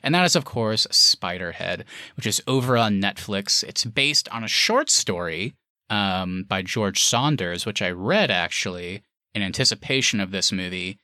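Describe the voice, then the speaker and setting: A man's voice: fairly low pitch, lively intonation, normal speed, bright, forceful tone, dry recording, studio quality. A man co-hosting a podcast, reviewing a movie in casual chat, talking freely with plenty of fillers. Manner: chatty, wordy, lots of fillers. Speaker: podcast co-host.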